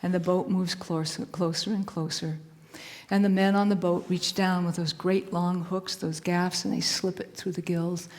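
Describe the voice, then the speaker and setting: Woman telling a story real slow, hushed and whispery, long echo like a hall. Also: fairly low pitch. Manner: soft, hushed, often whispering, repetitive cadence. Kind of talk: slow spoken-word storytelling.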